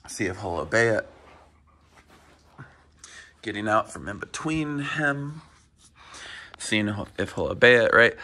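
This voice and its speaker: At home indoors with his pets, a man calmly explains in a casual vlog how he introduces his dog to his cat. His voice is soft-spoken and medium-pitched, and he keeps adding "right?" as he coaches.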